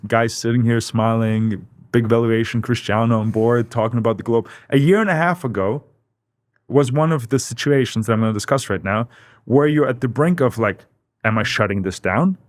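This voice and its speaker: A man's voice: medium pitch, moderate pace. Man telling a founder's story. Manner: reflective storytelling, repeats words for emphasis. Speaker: company founder, podcast guest. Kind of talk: casual interview talk.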